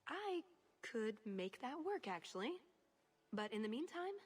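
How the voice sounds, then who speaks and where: A woman's voice: fairly high pitch, very animated, unhurried, slightly rough, full character voice. An actress playing a practical female rogue in a video game, with a dry, matter-of-fact delivery. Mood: wry.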